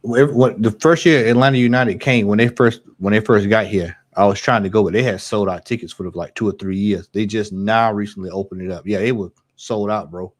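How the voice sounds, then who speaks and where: A man's voice: lowish voice, a little fast, few pauses, no echo. A man chatting casually about football, rambling and easygoing. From United States. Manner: relaxed, rambling, loose with words. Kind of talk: casual chat.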